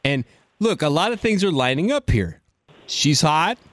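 Male morning-radio host, playful teaser, lively swings in pitch, dry studio mic. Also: moderate pace, dry recording. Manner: joking, teasing, lively interjections. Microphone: studio microphone.

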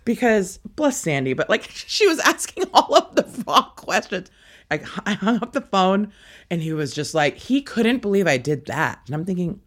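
A woman telling a personal story in an animated, profane way, acting out the quotes loudly. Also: mid-range voice, moderate pace. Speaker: interviewee.

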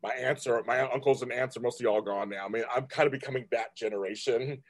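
A man in his fifties from California, hosting a casual chat and talking in a rambling, halting way with many restarts. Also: mid-range voice, steady tone. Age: 50s. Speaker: host.

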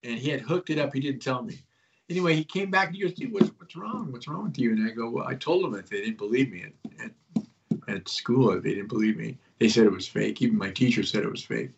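A man's voice: mid-range voice, a little fast, vocal fry. Guest man, casual storyteller, filler-heavy and conspiratorial, mid voice, lo-fi remote sound. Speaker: guest, host of his own show.

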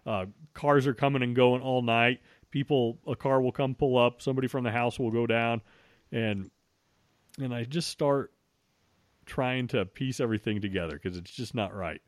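A man's voice: medium pitch, moderate pace, no room sound. Profane man telling a story, dry sound. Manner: swears freely, frequent restarts, animated retelling.

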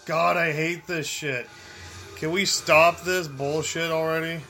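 A man's voice: fairly high pitch, fairly even intonation, slow, pushed and bright, soft background music. A man commenting on his own gameplay, cursing, complaining and laughing in frustration at a boss fight. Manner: swearing, exasperated and laughing, talks to the game. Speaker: gamer playing a video game.

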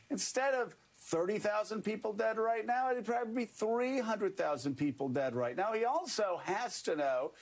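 Sneering high-voiced man. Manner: sneering, sarcastic. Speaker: commentator on a played clip. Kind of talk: mocking political commentary.

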